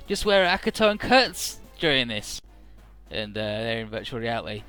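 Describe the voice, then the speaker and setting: A man's voice: mid-range voice, sing-song, moderate pace, bright, forceful tone, clean tone, faint music behind. A man casually recapping a video game's story in a rambling, irreverent way with lots of fillers. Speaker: let's play narrator. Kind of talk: casual game recap narration.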